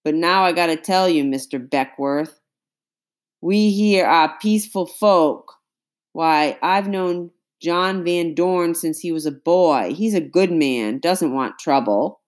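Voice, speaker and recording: A woman voicing a smooth-talking older male neighbor who speaks in a quick, folksy, soothing way. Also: fairly low pitch. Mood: placating.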